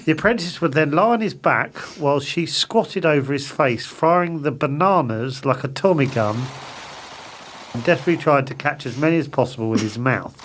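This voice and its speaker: A man's voice: a little high, a little fast, a bit bright, a little hiss or hum. A man co-hosting a comedy podcast, giggly and laughing often as he chats. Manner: giggly, reacts with frequent laughter. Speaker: podcast co-host. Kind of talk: casual comedy chat.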